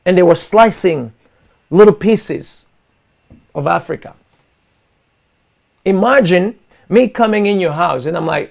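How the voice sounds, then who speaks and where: Gravelly, high-pitched impassioned male host. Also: a little slow, pauses often. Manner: forceful, repetitive, addresses listeners as guys. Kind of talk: impassioned monologue to an online audience.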